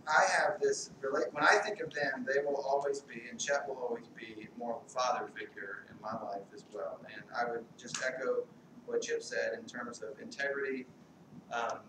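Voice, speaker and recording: Middle-aged man, eulogy, halting and meandering with gentle humor; mid pitch; echoey room, far from mic. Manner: halting, rambling, light humor, many fillers. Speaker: eulogist, family friend. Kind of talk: memorial speech. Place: large hall at a memorial service. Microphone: distant mic. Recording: echoey hall, distant mic, background noise.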